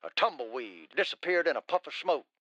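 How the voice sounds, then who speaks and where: Washed-up cowboy spokesman, drawling and folksy, slightly high. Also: big pitch swings, brisk, fairly bright tone, no echo. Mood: gruff. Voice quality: drawling, folksy, keeps saying "man". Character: folksy laid-back former cowboy pitchman, middle-aged man. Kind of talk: comedic ad acting.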